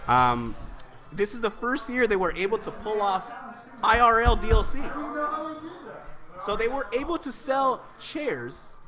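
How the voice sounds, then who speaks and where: A man's voice: high-pitched, big pitch swings, unhurried, long pauses, over music. A man telling a long frustrated story in casual chat, full of "you know" and "like" fillers. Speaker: commentator.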